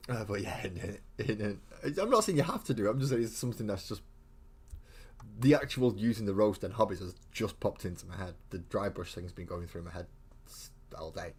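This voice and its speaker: Low-voiced man rambling through a live stream. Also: lively intonation, a little fast, a little mellow, husky. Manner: rambling, thinks aloud with frequent restarts. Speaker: host of a live miniature-painting stream. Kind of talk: casual live-stream chat.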